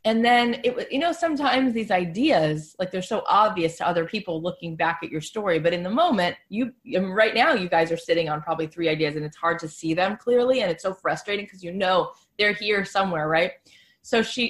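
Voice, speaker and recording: Woman, podcast host, casual storytelling, chatty, lots of fillers, slightly low voice. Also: animated, a little fast.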